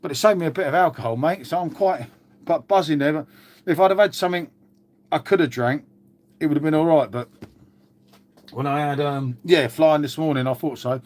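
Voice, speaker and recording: Brief: man, casual live-stream host, gutted and sweary, voice sits a touch high. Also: a little fast, pauses often, a little mellow. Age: older. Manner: glum, swears often, addresses viewers as mate. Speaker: channel host. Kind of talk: casual live chat to viewers.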